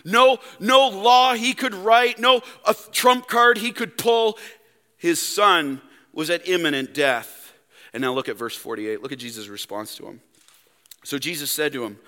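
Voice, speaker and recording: A young male pastor preaches with a high, bright, forceful voice. He presses hard on key words, then drops to a hushed, intimate tone. The sound carries the long reverb of a church hall. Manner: emphatic, swings from loud to hushed. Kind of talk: sermon. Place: church sanctuary.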